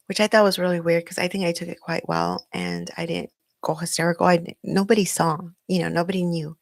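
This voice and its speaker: Middle-aged woman podcasting from home, raspy low-ish voice, kinda monotone, super dry sound. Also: moderate pace, no room sound. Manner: candid, emotional storytelling. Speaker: podcast host. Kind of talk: personal confessional monologue. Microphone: recording herself on video.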